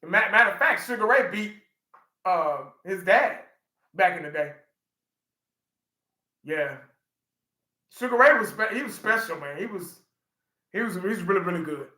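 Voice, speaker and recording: Man in his 40s, fan-show host, high bright voice, animated storytelling, roomy echo. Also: unhurried, pauses often. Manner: animated storyteller, laughs often, talks to chat by name. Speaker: livestream host. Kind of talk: casual livestream chat.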